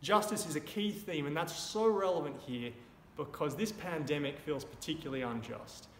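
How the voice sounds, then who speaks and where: A man's voice: a little high, normal speed. Australian man preaching in an echoey hall. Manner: conversational, wry humour, emphatic shouted examples. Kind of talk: sermon. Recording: echoey room, long reverb, faint noise.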